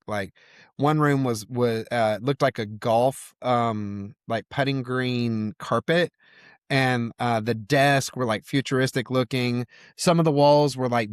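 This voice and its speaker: A man's voice: mid-range voice, clear, resonant tone, no room sound, studio quality. A man from Georgia, a podcast guest, telling a casual story with lots of fillers. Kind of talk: storytelling in a conversation.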